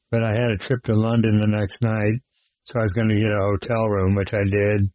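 A man's voice: medium pitch, dry recording. Male pilot guest, plain-spoken storyteller, dry dull lo-fi sound. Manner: plain-spoken, steady recounting with fillers. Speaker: airline pilot. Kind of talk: interview storytelling.

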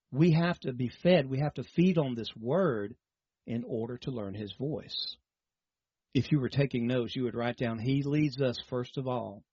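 Husky-voiced man preaching a sermon. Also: medium pitch, dark tone, dry recording, muffled recording. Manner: teaching, repeats words, asks rhetorical questions.

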